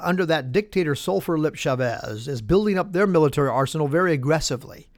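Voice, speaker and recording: A man's voice: fairly high pitch, vocal fry, no echo. A man hosting a political commentary show, talking in a sarcastic, folksy way with rhetorical questions and little chuckles. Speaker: talk show host.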